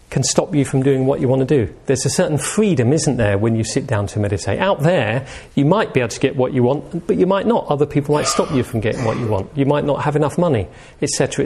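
A man giving an informal talk on meditation, gentle and conversational, often asking his listeners questions. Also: mid-range voice, lively intonation, fairly quick, breathy edge. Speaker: meditation teacher.

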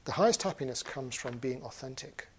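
Man voicing a gentle calm sage, quiet and measured, mid pitch. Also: slight background noise, natural voice. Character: the Buddha, calm, gentle teacher.

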